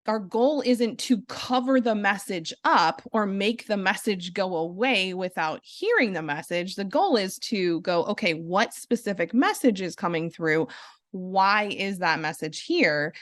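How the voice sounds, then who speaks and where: A woman hosting a podcast, talking in a casual, animated and earnest way, with quick asides as she explains. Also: medium pitch, no room sound, studio quality. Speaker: podcast host.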